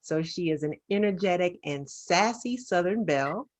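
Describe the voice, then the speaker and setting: A woman giving a formal, measured welcome and introduction at the start of an online event. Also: on the low side, lively intonation. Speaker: association vice president, introducer.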